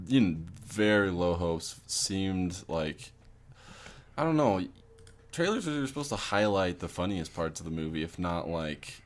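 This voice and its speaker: A man co-hosting a movie podcast, talking hesitantly with many fillers and restarts. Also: deep voice. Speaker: podcast co-host. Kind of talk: casual movie review chat.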